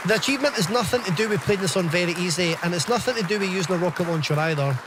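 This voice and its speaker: A man's voice: high voice, animated, rapid-fire, a crowd in the background, background noise. A young adult man with a Scottish accent, chatting casually and swearing as he livestreams a game. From Scotland. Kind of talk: casual gaming stream chat.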